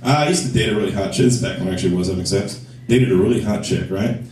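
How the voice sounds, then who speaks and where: A man's voice: lowish voice, racing, darkish tone, slight background noise. A man doing a stand-up comedy set at a club, with crude, self-mocking punchlines. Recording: echoey club, mic from a distance.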